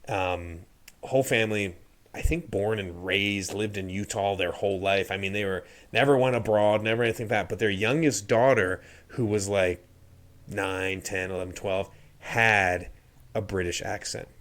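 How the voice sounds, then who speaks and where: A man's voice: fairly low pitch, moderate pace, a bit bright. A middle-aged man hosting a podcast, chatting casually and telling a rambling story with many restarts. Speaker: podcast host. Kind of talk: casual chat.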